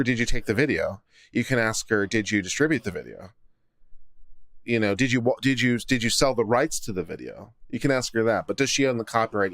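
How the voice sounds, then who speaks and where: A man's voice: mid-range voice, a bit bright, dry recording. A man hosting a casual livestream, reading viewer comments aloud and answering with legal commentary. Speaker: host of a law commentary livestream. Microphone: studio condenser mic.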